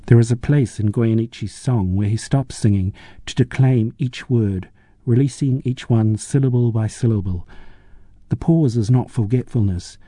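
A man narrating a story in a measured, reflective way. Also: medium pitch, dark tone, dry recording. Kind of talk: audiobook narration.

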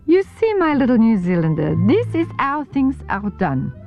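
A woman's voice: a little high, wildly swooping pitch, moderate pace, dull audio, faint music behind, voice pushed up. A woman voicing a brash, bossy woman cook, scolding in a raised voice.

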